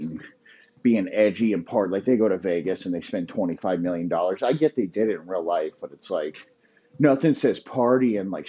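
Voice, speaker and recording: A man's voice: deep voice, mellow, slightly rough, muffled recording. A man hosting a podcast, ranting in crude, rambling riffs and laughing at his own jokes. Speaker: podcast host. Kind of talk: profane comedic rant.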